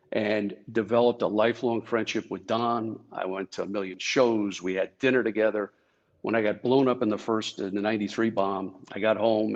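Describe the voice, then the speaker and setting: An older man from New Jersey, a former Secret Service agent, telling stories in an animated, joking way and acting out the dialogue. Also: on the low side, vocal fry, muffled recording. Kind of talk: anecdotal storytelling.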